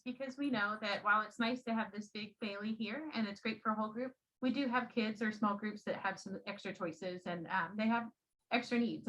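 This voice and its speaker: A woman who trains teachers, giving a classroom demonstration and gently coaching a child as she explains. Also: a little high, low-quality recording.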